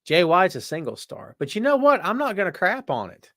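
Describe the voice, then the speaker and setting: A man's voice: sits high, huge pitch swings, fairly quick, sharp tone, no echo, clean studio sound. A man hosting a casual live show, chatting and joking as he reads viewer comments aloud. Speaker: podcast host. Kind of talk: casual live-stream chat.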